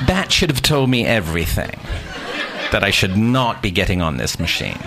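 A man with a lowish voice tells a story about himself with lots of swoops in pitch. He is animated and self-mocking, slipping into the scenes as he goes. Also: moderate pace. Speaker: guest telling an anecdote. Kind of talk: casual storytelling.

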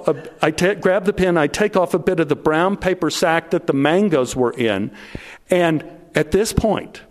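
A middle-aged man telling a first-person story to an audience, dropping low and slow at the tense moments.

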